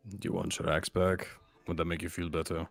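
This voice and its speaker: A man playing in a tabletop game, chatting casually with a slow drawl. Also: low-pitched, flat delivery, gravelly, soft background music. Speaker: player.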